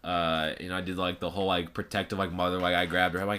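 A man's voice: deep voice, steady tone, fast talker, pushed and bright, slight background noise. A young man co-hosting a casual podcast chat, laid-back, swearing and laughing easily. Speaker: podcast co-host.

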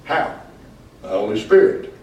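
A man's voice: measured pace, lo-fi sound. A man, a pastor leading a Bible study, preaching emphatically and calling out for the group to answer "Amen?". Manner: emphatic, calls for "Amen?" replies. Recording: echoey room, far from mic.

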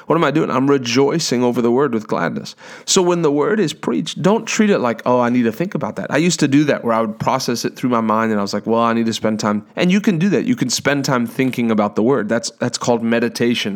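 A man preaching a sermon in a fervent, conversational way, reading scripture and breaking into short spoken prayers. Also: medium pitch.

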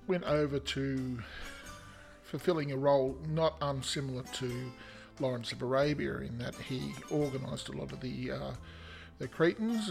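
Australian male history podcaster, gravelly, slightly high voice, chatty, faint music underneath. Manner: chatty and self-deprecating, with asides and fillers. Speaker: podcast host.

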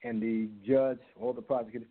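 A man's voice: mid-range voice, flat delivery, fairly quick. A man hosting a call-in radio show, giving short agreeing replies and asking probing questions. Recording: tinny phone line.

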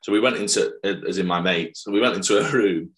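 A man's voice: low voice, brisk, fairly bright tone. Chatty man telling touring anecdotes. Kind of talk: casual chat.

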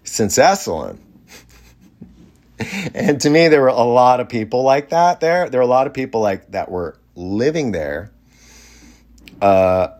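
A man telling a rambling story in a casual way, with many fillers and lively quoted voices. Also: mid-range voice, measured pace, long pauses.

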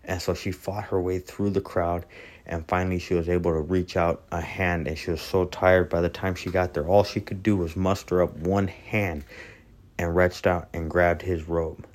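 Deep-voiced man preaching earnestly. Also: level tone, moderate pace. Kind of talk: sermon and prayer.

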